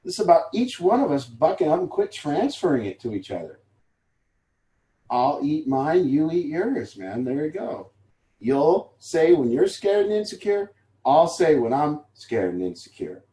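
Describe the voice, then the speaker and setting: A man's voice: on the high side, wildly swooping pitch, normal speed, warm tone. A man leading a support group, talking candidly and rambling, with casual swearing. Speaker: recovery group leader. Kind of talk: informal talk to a support group. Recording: roomy echo.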